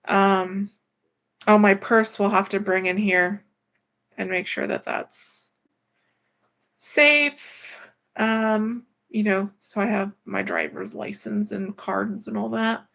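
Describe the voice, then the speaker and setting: At home indoors, a woman hosts a casual live stream, rambling along and reading viewer comments aloud. Her mid-range voice is slow, creaky, and a bit bright, and her chatty talk is full of fillers.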